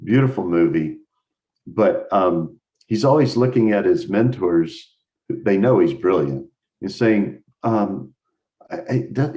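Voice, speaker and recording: A man's voice: deep voice, animated, a little slow, warm tone, highs cut off. An American man teaching a live math lesson over a video call, explaining with enthusiasm and thinking aloud as he goes. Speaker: instructor.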